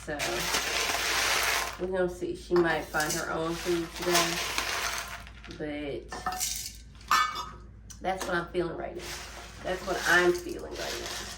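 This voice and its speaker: In a relaxed lifestyle vlog, a Memphis, Tennessee woman with a Southern drawl cleans up her kitchen at home and talks to viewers. She speaks in a lowish, level voice, slowly and with frequent pauses. The audio is roomy and distant, with heavy background noise.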